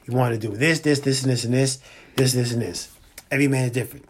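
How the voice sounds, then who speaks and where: A man co-hosting a podcast in casual chat, slangy and laid-back, repeating points slowly for emphasis. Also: mid-range voice, steady tone, husky. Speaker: podcast co-host.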